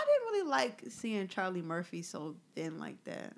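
A woman's voice: on the low side, wildly swooping pitch, moderate pace, gravelly. A woman co-hosting a casual podcast, reacting expressively and voicing her own inner thoughts. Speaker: podcast co-host. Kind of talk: casual chat. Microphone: studio mic.

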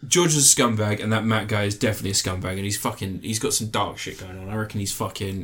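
A man in casual podcast chat, telling a story with plenty of swearing. He slips into put-on voices to quote people, his delivery animated and loose. The tone is that of a relaxed co-host. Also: on the low side, fast talker, few pauses. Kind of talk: casual chat, reviewing reality TV.

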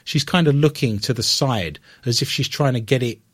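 A man's voice: mid-range voice, moderate pace, no room sound, clean studio sound. A man hosting a podcast, reading odd news stories and breaking into playful, self-mocking banter. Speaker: podcast host. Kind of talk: joking casual chat.

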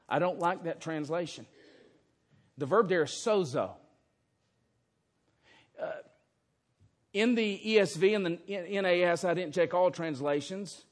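A man's voice: sits high, unhurried, pauses often. A man preaching an expository sermon in a church, emphatic and fond of rhetorical questions. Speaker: pastor. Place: church sanctuary.

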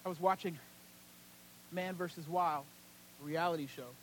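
A pastor preaching a sermon in a church, swinging between loud, urgent peaks and hushed, low passages. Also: male voice, steady tone, moderate pace, slight background noise, poor audio. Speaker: senior pastor.

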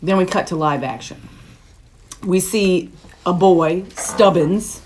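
A woman co-hosting a casual movie podcast, reading viewer reviews aloud with animated emphasis. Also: on the low side, slow, slight background noise. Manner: animated, reads quotes with emphasis. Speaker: podcast co-host.

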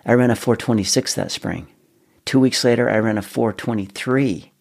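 A middle-aged man telling his story in a casual interview, animated, often restarting and repeating his words. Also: medium pitch, normal speed, creaky. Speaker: guest.

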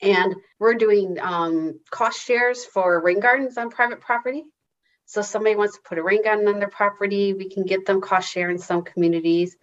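A woman working for a conservation district, explaining programs as an interview guest in a relaxed, friendly way. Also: medium pitch, moderate pace. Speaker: soil and water conservation district staff. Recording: dull lo-fi sound.

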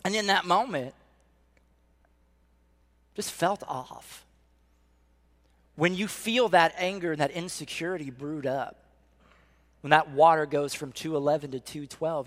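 A middle-aged man preaching a sermon as a pastor, telling stories with animation and dropping to a soft hush to drive points home. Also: fairly high pitch. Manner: animated storytelling, drops to a soft hush for emphasis.

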